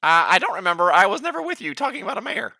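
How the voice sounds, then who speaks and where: An excitable man at a tabletop game, his very bright voice leaping up and down in pitch. He often bursts into shouts. The sound is close and dry. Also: rapid-fire, vocal fry, no room sound.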